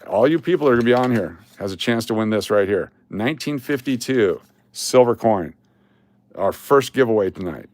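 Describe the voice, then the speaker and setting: A man's voice: lowish voice, expressive, a little fast, darkish tone. A man hosting a casual live stream, rambling along and breaking into sudden exasperated rants.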